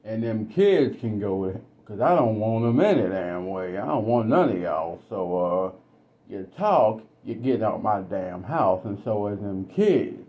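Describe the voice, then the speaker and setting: A man's voice: on the low side, animated, a little slow. A man voicing a cold, domineering husband who talks down to his wife with contempt. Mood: contemptuous. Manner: sneering, contemptuous. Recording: dull lo-fi recording.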